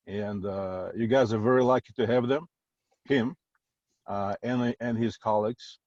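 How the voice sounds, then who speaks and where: A man's voice: on the low side, unhurried, a little mellow, dry recording. A middle-aged man from Uzbekistan, a guest on a video call, speaking plainly with slightly non-native phrasing. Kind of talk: casual talk on a call. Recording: dry, dull lo-fi call audio.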